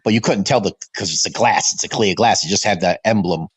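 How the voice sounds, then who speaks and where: A man in his fifties from the Boston area, hosting a fan livestream and telling stories from his childhood in a lively, animated way. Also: deep voice, fast, breathy edge, dry recording. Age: 50s. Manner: animated storyteller who acts out his father's voice. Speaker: fan podcast host. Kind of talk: casual storytelling chat. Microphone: remote stream call.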